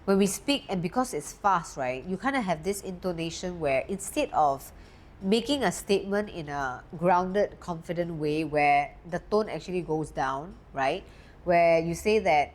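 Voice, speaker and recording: Woman, confidence coach, steady and emphatic, fairly low voice, faint hiss behind. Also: measured pace. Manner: steady, emphatic, lively pitch swings on key words. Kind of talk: talking-head teaching talk.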